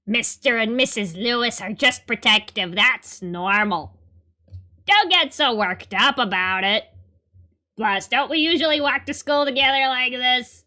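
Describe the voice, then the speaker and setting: A woman voicing an easygoing young male childhood friend in a visual novel reading, speaking calmly and reassuringly. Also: on the high side, unhurried.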